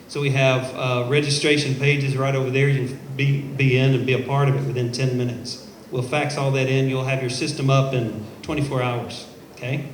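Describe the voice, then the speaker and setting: A man giving a live sales pitch to an audience, upbeat and persuasive, talking straight to the crowd at an event in a showroom. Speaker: company presenter. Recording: echoey room, faint background noise.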